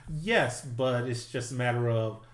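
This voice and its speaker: A man's voice: medium pitch, a little slow, roomy sound. A man in a casual discussion who laughs often and breaks in with questions.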